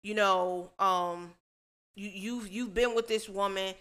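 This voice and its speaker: A woman's voice: medium pitch, steady tone, takes it slowly, pushed and bright, smooth. A woman co-hosting a podcast, explaining her view emphatically in casual chat and often restarting her sentences. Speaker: podcast co-host.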